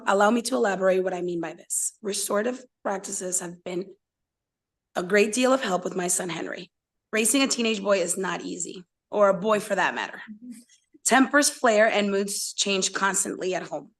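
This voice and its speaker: A woman, a parent, reading prepared testimony before a legislative committee in a steady, emotional tone. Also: mid-range voice.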